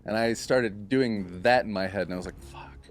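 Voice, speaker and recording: A man's voice: on the low side, brisk. A man casually telling a long story on a podcast, swearing freely and acting out what others said. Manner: profane, acts out quoted people.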